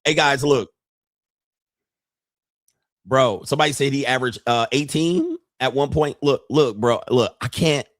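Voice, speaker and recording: A man's voice: medium pitch, unhurried, long pauses, no room sound, studio quality. A man hosting a casual commentary show, reacting to clips in a profane, mocking way and laughing often. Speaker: host.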